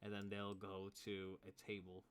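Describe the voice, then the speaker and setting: A man running a tabletop game as game master, casual and rambling, with quick sound-effect interjections. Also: low-pitched, completely flat delivery, clean tone.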